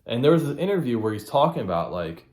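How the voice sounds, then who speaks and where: A man's voice: mid-range voice, sing-song, fast, a little mellow, roomy sound. Guy doing a solo motivation podcast, blunt, swears a lot, repeats himself to drive it home. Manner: blunt, profane and repetitive for emphasis. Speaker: podcast host.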